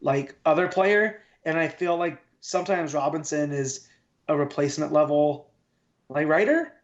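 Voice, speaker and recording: Higher-voiced man on a dull-sounding line. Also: moderate pace. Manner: relaxed, agreeable, lots of backchannel "mm-hmm". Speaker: podcast co-host. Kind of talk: casual comics podcast chat.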